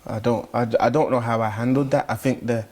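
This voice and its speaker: A young man, a rapper guest in a casual interview, telling stories animatedly and jumping high in pitch when he quotes people. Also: steady tone, fairly quick, a little mellow.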